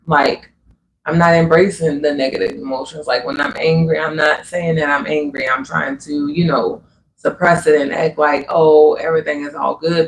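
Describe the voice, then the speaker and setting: A man speaking unhurriedly with a somewhat raised pitch, sharing spiritual reflections in an earnest, conversational way. His voice rings in an echoey room with a faint hum of ambience behind it. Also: creaky. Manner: earnest and conversational, fillers like "you know what I'm saying". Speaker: livestream host.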